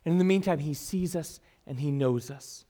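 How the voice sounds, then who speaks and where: Middle-aged pastor, high tenor, earnest sermon delivery with big shifts in loudness. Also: male voice, normal speed. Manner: earnest, varies loudness widely, drops to soft asides.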